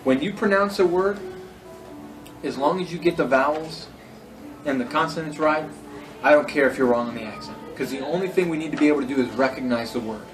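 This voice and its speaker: A man lectures to a class in an easygoing way, often stopping to correct himself and spell words out. He sounds set back from the mic, with music clearly audible behind him. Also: fairly high pitch, a little fast, recorded from a distance, poor audio. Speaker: Greek teacher.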